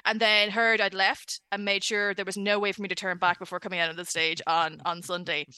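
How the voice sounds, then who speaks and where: An Irish woman, an editor, chatting casually as a guest and telling lively stories with frequent laughs. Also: mid-range voice, brisk, smooth, no echo. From Ireland. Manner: chatty storyteller, laughs often. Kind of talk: casual chat.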